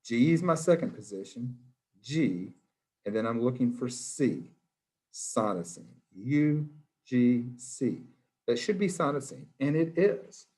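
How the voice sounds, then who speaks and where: A man's voice: medium pitch, very animated, takes it slowly, dark tone. A man, a biology teacher in his classroom, quizzing students by name in a playful, encouraging way. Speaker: high school biology teacher.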